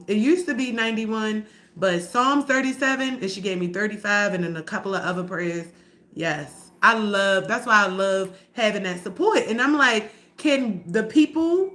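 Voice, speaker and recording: A woman's voice: a little high, bright, forceful tone. A middle-aged woman livestreaming to her viewers, talking candidly and emotionally in a rambling, slangy, profane way. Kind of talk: casual livestream talk to viewers.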